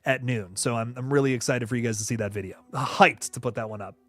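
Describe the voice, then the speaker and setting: A man hosting a casual horror news chat, answering viewer comments in an animated, rambling way with frequent restarts. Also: medium pitch, fast talker, dry recording.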